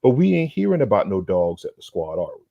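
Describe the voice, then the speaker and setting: A man's voice: lowish voice, sing-song, fast talker, creaky, dark tone, no echo, highs cut off. Man on a profane, fired-up sports rant. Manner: profane, fired-up, repeats himself for emphasis; streetwise slang. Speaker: podcast co-host. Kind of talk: heated sports roast rant.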